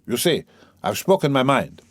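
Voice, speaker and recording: A man's voice: medium pitch, sing-song, moderate pace, dry recording, clean studio sound. A man reading the part of a fervent, idealistic young radical, speaking in an earnest, eager, lecturing way.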